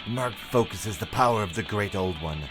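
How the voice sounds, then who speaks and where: A man voicing a calm, commanding ancient spirit who speaks in a solemn, measured way. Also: on the low side, over music, close to an everyday voice. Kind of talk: game character voicing.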